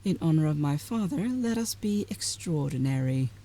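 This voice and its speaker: A woman's voice: low-pitched, lively intonation, moderate pace, mellow. A woman voicing the flamboyant, witty ghost of an Irish male writer, reading game dialogue in a theatrical, grandiloquent manner with an Irish accent. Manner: theatrical, grandiloquent, dry wit.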